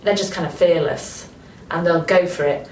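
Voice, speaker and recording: A Northern English woman, an actress being interviewed, who talks with animated enthusiasm and often restarts her sentences. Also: lowish voice, normal speed. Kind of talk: casual interview chat. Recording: roomy, distant mic with faint noise.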